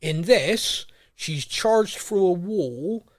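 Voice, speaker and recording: A man co-hosts a casual podcast chat. His voice sits a touch higher than most men's, and he is animated, often acting out characters' lines mid-sentence. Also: extremely slow. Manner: excitable, acts out characters' lines. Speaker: podcast co-host.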